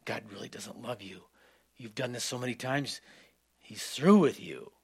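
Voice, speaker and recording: A man's voice: medium pitch, moderate pace, vocal fry, a little mellow, slightly rough. A man preaching acts out the enemy's accusing voice, taunting and condemning a listener. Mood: scornful. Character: accusing voice of the enemy, male, scornful.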